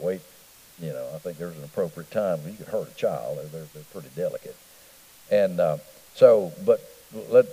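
Preacher guy, middle-aged, chatty bible study talk, warm mellow voice, lots of up and down. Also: low voice, husky, long reverb tail, poor audio. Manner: conversational, folksy, asks the room questions. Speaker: pastor. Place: church hall.

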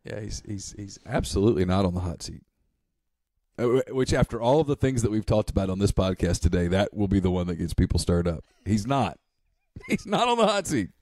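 A man's voice: sits low, brisk, mellow, dry recording. A man co-hosting a sports podcast, talking casually with dry sarcasm. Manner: sarcastic, mock-serious.

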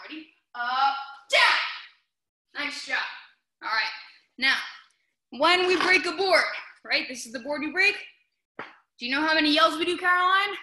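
A woman teaching a martial arts class in an echoey indoor training hall, her high, very bright voice bouncing off the walls. She takes her time, calling out short commands one by one and breaking into sharp yells to show the class how it is done. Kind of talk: coaching a class through drills.

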